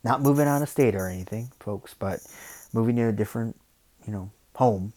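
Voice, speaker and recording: A man's voice: on the low side, brisk, a little mellow. A man hosting a podcast, ranting opinionatedly and often checking in with "you know" and "okay". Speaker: podcast host.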